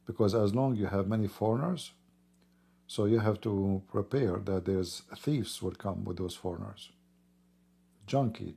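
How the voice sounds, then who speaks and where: A hoarse man who is losing his voice talks in a rambling, emphatic way during a casual livestream, clearing his throat often. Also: on the low side, mellow. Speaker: livestream host.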